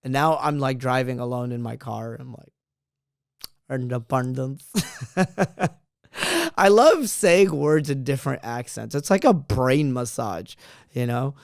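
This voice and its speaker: A man's voice: medium pitch, animated, normal speed, gravelly, dry recording, clean studio sound. A young man, a comedian, telling travel stories in a playful, casual way, laughing often. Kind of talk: casual storytelling.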